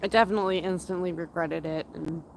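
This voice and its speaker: A woman in her thirties from Canada, casually chatting with her livestream viewers in a slow, rambling way, with a runny nose. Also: lowish voice, steady tone, gravelly, darkish tone, a little hiss or hum. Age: 30s. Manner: slow, rambling and chatty, with frequent fillers and laughs. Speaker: livestream host. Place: outdoors in a forest area.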